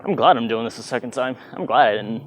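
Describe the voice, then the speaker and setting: Casual dance teacher, loose and chatty, scats the beat while demonstrating, mid-pitched male voice. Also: fast, noisy background. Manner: chatty, loose, vocalizes beats with "bah". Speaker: dance instructor. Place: outdoors in hot weather. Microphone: plugged-in mic, sometimes stepping away.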